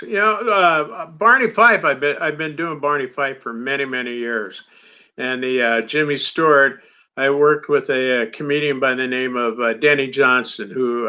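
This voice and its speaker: A man's voice: medium pitch, pushed and bright. Male comedian chatting, dull lo-fi sound. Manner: rambling, lots of fillers. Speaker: comedian guest. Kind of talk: casual interview chat. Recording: dull lo-fi audio.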